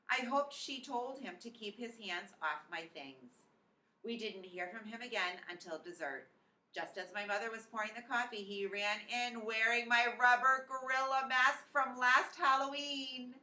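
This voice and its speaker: A woman teacher reads a children's chapter book aloud with expressive, clear storytelling. Her voice is bright and echoes around the room, picked up from some distance off the mic. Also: mid-range voice.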